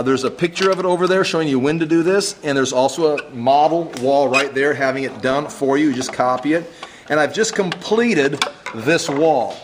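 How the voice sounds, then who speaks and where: Man teaching wiring in an echoey classroom. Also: on the high side. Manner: step-by-step, checks that students follow. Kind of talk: hands-on classroom demonstration. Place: classroom workshop. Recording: echoey classroom, faint noise.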